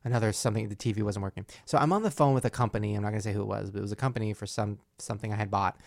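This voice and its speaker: Male podcast host, rapid and gravelly, loose profane storyteller, dry close sound. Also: fairly low pitch, dry recording. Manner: animated storyteller, swears freely, acts out quoted voices. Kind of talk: casual chat.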